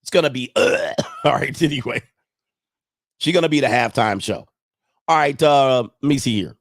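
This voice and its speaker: A man's voice: medium pitch, lively intonation, moderate pace, vocal fry, no room sound, studio quality. A man hosting a casual sports livestream, thinking aloud as he goes and chuckling often while he reads viewer messages. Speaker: sports show host.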